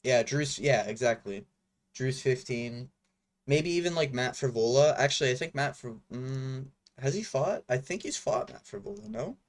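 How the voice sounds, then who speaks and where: A man's voice: medium pitch, normal speed. Young male fight vlogger, casual and blunt, rambling delivery with lots of fillers and swearing. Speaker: MMA commentary vlogger.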